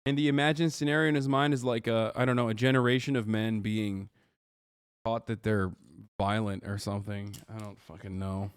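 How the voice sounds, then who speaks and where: A man's voice: on the low side, fairly even intonation, fairly quick, clear, resonant tone, no room sound, studio quality. A male streamer doing reaction commentary, talking in a profane, incredulous and mocking way. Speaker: streamer host.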